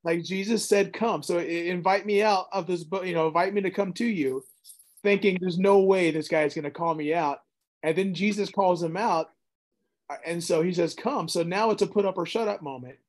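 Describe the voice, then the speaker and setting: A man, a pastor, casually discussing scripture on a podcast, thinking out loud and asking questions. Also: sits high, moderate pace. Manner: inquisitive, thinks aloud with restarts. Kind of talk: casual Bible study chat.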